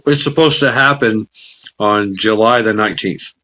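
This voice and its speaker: A man's voice: on the low side, moderate pace, pushed and bright, a little hiss or hum. Chatty man laying out an idea. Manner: chatty, laughs easily. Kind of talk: casual chat.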